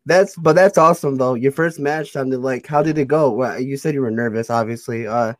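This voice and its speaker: A man's voice: medium pitch, a little fast, no room sound. A young man hosting a casual interview, joking about himself and laughing often. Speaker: podcast host.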